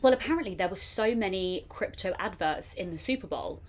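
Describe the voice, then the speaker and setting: Irish woman co-hosting a podcast, bubbly and chatty, mid pitch. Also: animated. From Ireland. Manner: bubbly, chatty, quick to laugh. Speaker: podcast co-host. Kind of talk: casual chat.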